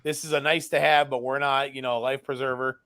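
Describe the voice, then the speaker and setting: A man's voice: medium pitch, level tone, fairly quick, a bit bright. A man, a business founder and guest, telling a story casually and animatedly, acting out dialogue with lots of fillers.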